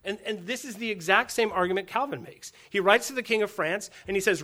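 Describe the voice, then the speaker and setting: Guy with a high bright voice teaching church history, animated, acts stuff out. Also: fairly quick, few pauses. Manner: animated, acts out quotes with chuckles. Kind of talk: lively teaching lecture.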